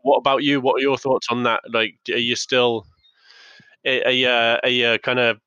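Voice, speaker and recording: A man's voice: mid-range voice, flat delivery, normal speed, pushed and bright, smooth, dry recording. A man with a mixed English regional accent hosting a podcast, chatting casually and rambling a bit with fillers. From England. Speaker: podcast host. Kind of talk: casual chat. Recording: dry, dull lo-fi sound.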